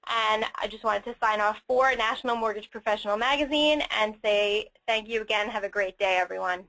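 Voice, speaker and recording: Female webinar moderator, bright voice, polite formal thanks. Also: medium pitch, brisk, rough recording. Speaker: magazine representative moderating. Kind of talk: webinar sign-off.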